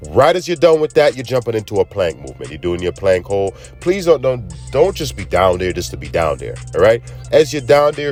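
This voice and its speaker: A man's voice: on the low side, darkish tone. A man giving a laid-back workout lesson, congested from allergies and often tagging lines with "man" and "all right?". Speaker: fitness trainer. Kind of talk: casual workout instruction.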